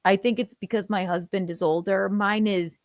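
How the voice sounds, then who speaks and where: A woman in her thirties hosting a casual livestream chat, animated and laughing, swearing freely and acting out how she yells. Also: mid-range voice, moderate pace, dry recording, clean studio sound. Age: 30s. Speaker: host.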